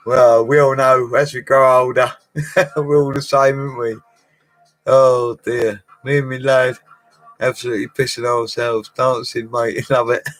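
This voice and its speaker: A man's voice: medium pitch, fairly bright tone, poor audio. A middle-aged man, rambling through a casual live stream with laddish banter and frequent laughter. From Colchester, England. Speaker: livestream host.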